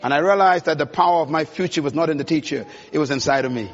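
A conference speaker with a fast, high-leaning voice addresses the audience head-on in a large hall, preaching motivation with emphasis. The sound is dull, with long reverb from the hall.

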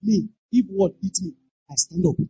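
A pastor preaching a sermon, emphatic, repeating lines and breaking into shouted exclamations. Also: mid-range voice, normal speed, dry recording. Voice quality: very husky. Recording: dull lo-fi dry recording.

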